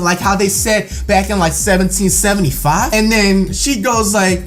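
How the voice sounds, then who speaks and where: A man's voice: high voice, normal speed, few pauses, faint music behind. Young man telling a wild storytime. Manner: animated, swings from muttering to shouting. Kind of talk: casual storytime.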